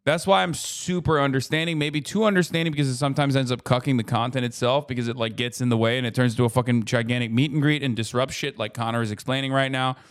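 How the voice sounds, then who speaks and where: A man's voice: mid-range voice, fairly even intonation, quick pace, hardly any pauses, smooth. A man in his thirties streaming a casual reaction commentary, rambling and swearing freely with joking asides.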